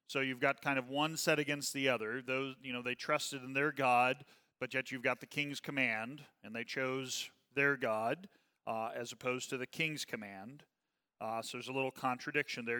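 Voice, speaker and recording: A man leading a Bible study class, talking casually with his group and often asking "okay?", and reading scripture slowly and with emphasis. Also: mid-range voice, steady tone, pushed and bright, clean tone, in a large hall. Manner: conversational, checks in with "okay?" often.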